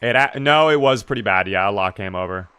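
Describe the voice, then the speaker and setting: A man's voice: fairly low pitch, animated, a little fast, sharp tone, clear, resonant tone, no room sound. A man streaming a game live, chatting casually and answering his chat as he plays.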